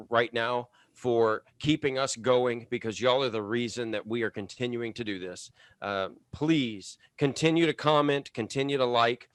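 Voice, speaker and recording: A man's voice: medium pitch, fairly bright tone, no room sound. A man hosting a podcast, talking in an upbeat, chatty way with frequent "uh" fillers. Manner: upbeat, talkative, many "uh" fillers. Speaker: podcast host. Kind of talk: casual podcast chat.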